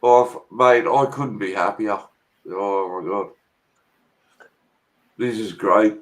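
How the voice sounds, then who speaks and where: An excitable Australian man in casual chat, swearing freely and calling people mate. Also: on the low side, takes it slowly. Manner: excitable, swears a lot, slips into loud mocking voices.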